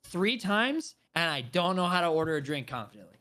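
A man's voice: a little high, very animated, fairly quick, bright, forceful tone. A man with a nasal voice co-hosting a casual podcast, joking and mocking in silly put-on voices. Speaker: podcast co-host.

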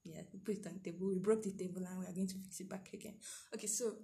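A young Nigerian woman with a Nigerian accent, co-hosting a casual chat with animated, laughing exclamations. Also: medium pitch, racing, creaky. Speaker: podcast co-host.

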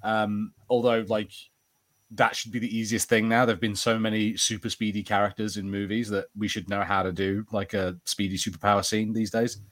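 A man's voice: on the low side, little pitch movement, brisk, a bit bright. A man co-hosting a podcast, chatting casually with frequent laughs and hesitant ums. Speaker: podcast co-host.

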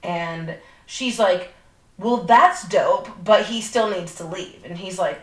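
A woman's voice: fairly high pitch, takes it slowly. A young woman co-hosting a podcast, retelling a movie plot in casual, profane chat, full of fillers. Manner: profane, animated storytelling with lots of fillers. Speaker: podcast co-host. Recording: echoey room.

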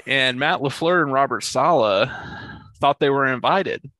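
A man hosting a casual sports podcast, telling stories in an animated way and laughing often. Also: medium pitch, a little slow, no echo. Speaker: podcast host.

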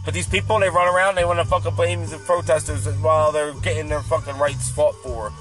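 A man's voice: a little high, level tone, a little fast, fairly bright tone. A man delivering a heated, profane political rant in a casual monologue. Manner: heated, profane, repetitive ranting. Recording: faint music behind.

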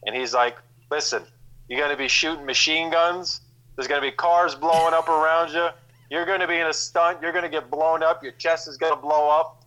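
Guy, slightly high voice, profane storyteller who acts out the dialogue. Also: steady tone, fairly quick, bright, forceful tone, rough recording. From New Jersey. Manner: profane, loose, acts out quoted lines. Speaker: guest actor. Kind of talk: casual storytelling.

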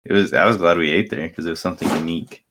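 A young male podcast co-host with a low-pitched voice talks rapid-fire in a casual chat, rambling with many fillers and restarts over background noise.

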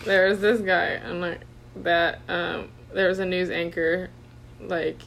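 A woman's voice: on the low side, fairly even intonation, measured pace, creaky, fairly bright tone. Casual swearing woman podcast co-host. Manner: laid-back, swears freely, scrolls and reads headlines aloud. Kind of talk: casual chat.

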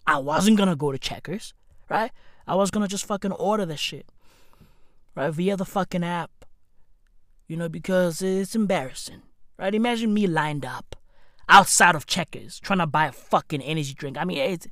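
A man's voice: high-pitched, moderate pace, dry recording. Guy ranting on his podcast, swings way up and down, swears a lot, dry mic. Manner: profane, rambling, repeats "right?"; animated, swings up into shouts. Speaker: podcast host. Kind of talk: comedic monologue.

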